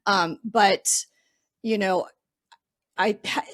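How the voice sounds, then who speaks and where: A middle-aged woman talking through her ideas in a relaxed podcast interview. She is chatty, loose and reflective, and she thinks aloud with frequent "um" and "you know.". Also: medium pitch, drawn-out words. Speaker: podcast guest, real estate investor. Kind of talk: casual interview talk.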